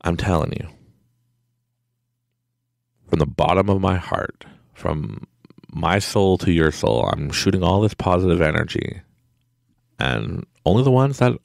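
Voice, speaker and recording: A man hosting a podcast, talking in a casual, animated motivational monologue and laughing often. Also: low voice, a little slow, gravelly, long pauses, dry recording, studio quality. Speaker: podcast host.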